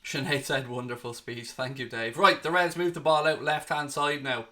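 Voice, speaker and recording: An Irish-born man hosts a live match watchalong for a fan channel. He commentates play by play, excitable and blunt, and swears freely. His voice sits a bit high with a sharp, bright edge. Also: moderate pace. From Ireland.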